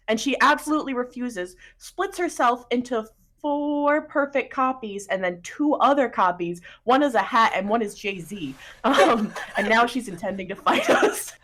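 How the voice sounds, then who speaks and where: A woman recapping a tabletop game session in a fast, chatty, giggly way. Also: fairly high pitch, animated, a bit bright.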